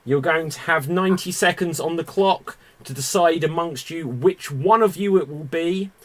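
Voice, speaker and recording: A man's voice: a little high, moderate pace. A man hosting a live improv murder-mystery game over a video call, with a theatrical announcer delivery. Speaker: game host.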